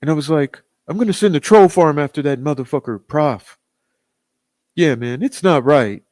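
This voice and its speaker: A man putting on the voice of a stoned, gossipy guy who rambles in a goofy, drawn-out way. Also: on the high side, darkish tone, no room sound, voice pushed up, natural voice. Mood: whiny.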